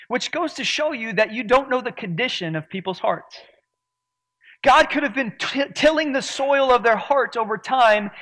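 Male pastor preaching with earnest emphasis, high-pitched voice. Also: a bit bright. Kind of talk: sermon.

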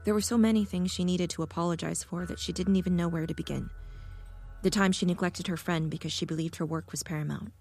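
A woman reads a short story aloud in a calm, measured, deadpan voice. Her voice sits low and has a gravelly creak. Faint music plays underneath. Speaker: narrator. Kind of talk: audiobook story reading.

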